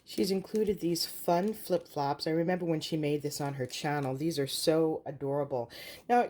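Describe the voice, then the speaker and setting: A woman's voice: deep voice, warm tone. A woman presenting a craft haul, showing items one by one and gushing over each in an upbeat way. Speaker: craft YouTuber. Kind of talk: craft haul show-and-tell.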